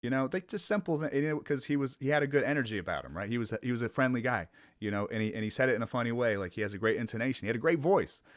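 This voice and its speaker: A man's voice: mid-range voice, lively intonation, rapid-fire, no echo. A young man from the Cleveland area talks through a casual vlog update in a rambling, self-conscious way, laughing often and swearing casually. His voice sits in a middle register, and the recording is dry and close with no room sound. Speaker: vlogger.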